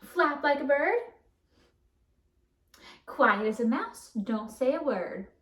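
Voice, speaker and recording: A woman reading a picture book aloud to children at a library storytime, warm and animated. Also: sits high, takes it slowly. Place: public library.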